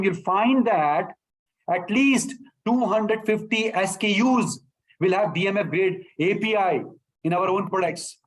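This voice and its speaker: Emphatic Indian-accented man, high voice. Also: measured pace, low-quality recording. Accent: Indian English. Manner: emphatic, repetitive, addresses listeners as sir. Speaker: company leader training sales reps. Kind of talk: motivational training talk.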